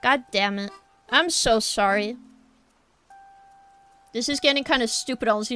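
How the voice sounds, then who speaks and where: A woman's voice: a little high, moderate pace, long pauses, bright, forceful tone. A young woman chatting casually with her live-stream viewers while she draws, apologetic and easygoing. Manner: chatty, apologetic, talks to chat while sketching. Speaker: art streamer.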